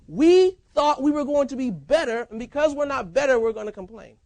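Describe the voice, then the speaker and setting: A man preaching a sermon as pastor, in a lively, conversational style with casual banter. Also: very high voice, fairly quick, no room sound. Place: church.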